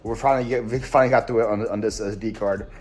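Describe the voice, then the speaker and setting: A young man chatting excitably to camera in a casual vlog, thinking aloud as he opens mail at home. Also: fairly low pitch, fast talker. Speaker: reselling vlogger. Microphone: phone camera.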